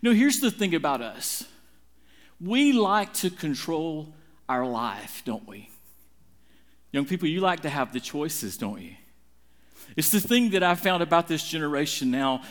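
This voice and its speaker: A middle-aged man preaching a sermon, telling a story with dramatic, animated swings in his voice. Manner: animated, dramatic retelling with big swings in pitch. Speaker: pastor.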